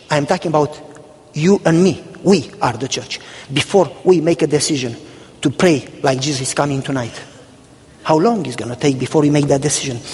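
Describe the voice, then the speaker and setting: A male pastor delivers a sermon in a high, very expressive voice that leaps up and drops low as he plays out the people in his story. He sounds middle-aged and speaks to a congregation. The sound carries a long reverb from the church hall. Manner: animated storytelling, acting out dialogue.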